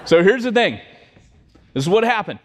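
A man preaching a sermon, telling a story in an animated way and joking with his congregation. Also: sits high, normal speed. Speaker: pastor. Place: church sanctuary. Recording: long church hall reverb.

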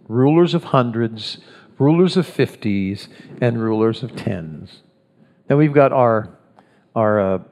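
A pastor delivers a conversational sermon, frequently restarting phrases and acting out different voices. His mid-range voice is a little mellow, and a long hall reverb hangs on the recording.

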